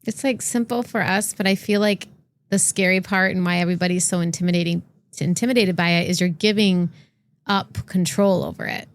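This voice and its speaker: A woman guest on a podcast in casual chat, animated and quick to laugh. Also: fairly low pitch.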